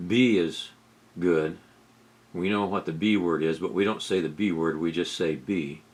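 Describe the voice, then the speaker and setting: A middle-aged man giving sarcastic political commentary over video clips, incredulous and rising to loud outbursts. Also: deep voice, measured pace. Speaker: commentary host.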